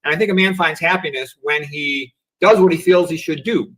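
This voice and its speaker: A man's voice: fairly high pitch, brisk, a bit bright, low-quality recording. A middle-aged man, a physician guest on a remote video call, talking in a reflective, philosophical way and often saying "you know" and "okay". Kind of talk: casual livestream interview.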